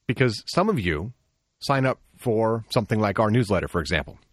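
A man's voice: lowish voice, expressive, fairly quick, no room sound, studio quality. A man co-hosting a radio tech show, bantering and giving advice directly. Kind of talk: casual radio tech talk.

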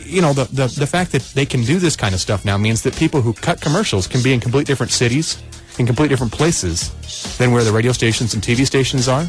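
A man's voice: mid-range voice, quick pace, faint music behind. A man hosting a call-in computer help radio show, talking casually and rambling with frequent restarts. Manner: rambling, restarts often, folksy. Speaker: radio tech show host.

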